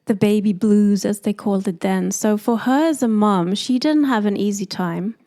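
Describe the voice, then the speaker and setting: South African woman, doula guest; lively storyteller who acts out the people she quotes. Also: mid-range voice, moderate pace. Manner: animated, acts out quoted voices. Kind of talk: storytelling interview.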